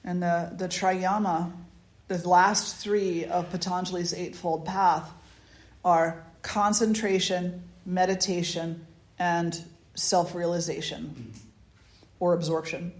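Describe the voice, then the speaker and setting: Chatty woman giving a spiritual talk. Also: on the low side. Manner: chatty and animated, laughs often, frequent restarts. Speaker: spiritual teacher leading a satsang. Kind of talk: informal spiritual talk with anecdotes. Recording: roomy echo.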